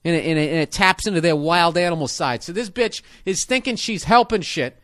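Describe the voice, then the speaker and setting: A man telling a comic story as a profane rant, animated and full of sound effects. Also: on the high side, fairly quick, dry recording, clean studio sound.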